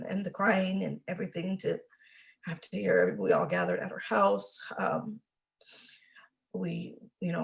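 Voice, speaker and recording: A middle-aged woman giving a halting, emotional personal account as an interview guest, with many restarts. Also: on the low side, vocal fry. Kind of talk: personal testimony.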